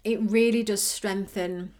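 A woman talks through a solo podcast episode. Her delivery is chatty and rambling, and she pokes fun at herself as she goes. She has a middle-pitched voice. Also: steady tone, unhurried, a little mellow. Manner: chatty, rambling, self-mocking, with laughs. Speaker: podcast host. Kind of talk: casual solo podcast talk on manifesting.

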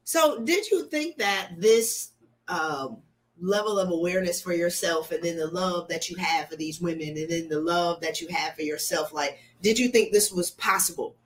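A woman's voice: on the low side, moderate pace. A woman who leads the program and hosts a casual interview. She speaks with emphatic coaching energy and comes back to her key lines for weight. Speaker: program leader, host.

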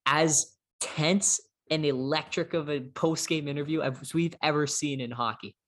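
A man's voice: on the high side, fairly even intonation, a little slow, a bit bright. A man hosting a casual sports podcast, upbeat and chatty, reading quotes aloud. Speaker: podcast host.

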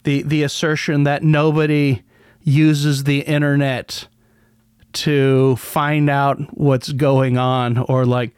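A man's voice: medium pitch, flat delivery, slow, a little mellow, smooth, dry recording, studio quality. A man hosting a casual solo podcast, rambling with many restarts and a sardonic edge. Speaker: podcast host.

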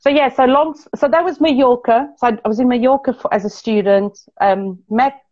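A woman from Portugal telling her life story in a casual, animated way, often correcting herself mid-sentence and throwing asides to the listeners. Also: fairly high pitch, a little fast, muffled recording.

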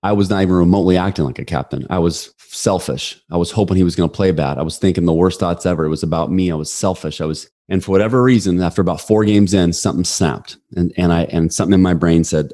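A man in his forties tells a story as a podcast guest. His voice sits low and he rattles along quickly. He acts out the quotes with animated energy. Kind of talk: storytelling in a casual interview.

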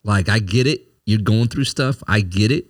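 A man in his late thirties with a lowish voice speaks openly and unguardedly in casual conversation. He gropes for words, restarting and circling back as he opens up. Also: normal speed. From immigrant family, came to America as a child. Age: 30s. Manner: open, searching, many restarts and fillers. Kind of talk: candid conversation.

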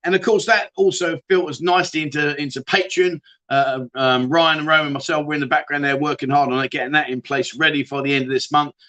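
A man's voice: on the high side, fairly even intonation, quick pace, few pauses, sharp tone. A middle-aged man hosting a casual livestream, reading out viewer comments and bantering with them in a chatty, jokey way. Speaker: livestream host.

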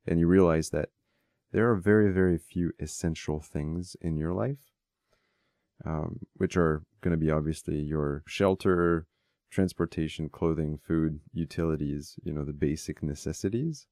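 A man speaking as a guest in a casual conversation, thoughtful and measured as he explains ideas. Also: extremely low pitch, dark tone, no echo, studio quality. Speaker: podcast guest.

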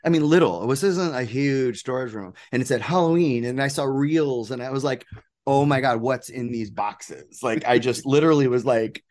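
A man's voice: medium pitch, brisk, few pauses. A man being interviewed as a guest, telling stories with enthusiasm and acting out what other people said. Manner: animated, enthusiastic, acts out quoted people. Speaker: guest, producer and game maker. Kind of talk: casual interview storytelling.

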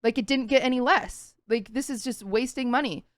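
Smooth-voiced young woman telling a story. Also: on the high side, normal speed, no echo, studio quality. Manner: earnest, vivid retelling with frequent "like" fillers. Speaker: podcast co-host. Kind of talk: casual podcast storytelling.

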